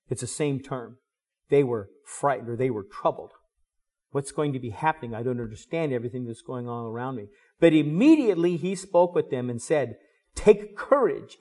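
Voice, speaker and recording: A man preaching a Bible sermon in a conversational, animated way, with many fillers. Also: mid-range voice. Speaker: pastor.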